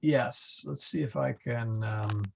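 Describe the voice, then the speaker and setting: A man teaching a Latin class, explaining slowly and patiently with many fillers. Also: mid-range voice, gravelly, sharp tone. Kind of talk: online class lecture.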